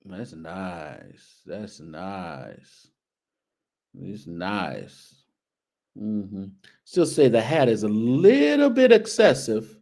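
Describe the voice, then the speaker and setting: A man's voice: lowish voice, sing-song, drawn-out words, creaky, darkish tone. A male show host giving casual, teasing commentary on outfits, sprinkling in churchy phrases. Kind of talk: casual fashion commentary on a video.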